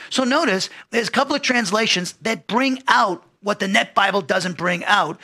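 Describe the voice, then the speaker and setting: High, bright man teaching a Bible lesson. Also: husky. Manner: conversational, repeats and restarts, reads quotes aloud.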